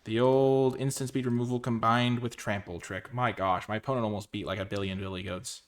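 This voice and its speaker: A man commentating his own card game matches casually, excitable and full of exclamations. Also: on the low side, fairly quick.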